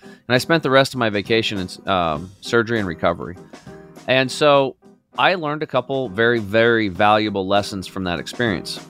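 A man in his fifties, a podcast guest, telling his story in a lively, outgoing way with plenty of fillers. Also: on the low side, moderate pace, soft background music. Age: 50s. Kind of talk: casual storytelling.

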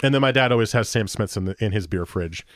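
A man's voice: lowish voice, fast, no echo, studio quality. A man co-hosting a podcast, chatting casually about beer and telling rambling stories with acted-out dialogue. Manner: rambling, storytelling, acts out quoted dialogue. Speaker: podcast co-host.

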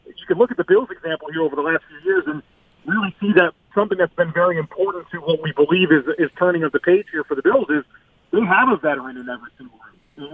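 A man giving measured football analysis as a guest on a sports radio show, heard over a phone line. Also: a little high, breathy edge, dry recording. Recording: tinny phone line, dry.

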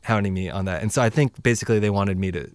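A man with a lowish voice tells a story casually, leaning on "like" and acting out the dialogue as he goes. The recording is dry and close, with no room sound. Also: racing, dry recording. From United States. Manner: rambling, heavy use of "like" fillers, acts out quoted dialogue. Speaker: guest telling a travel story.

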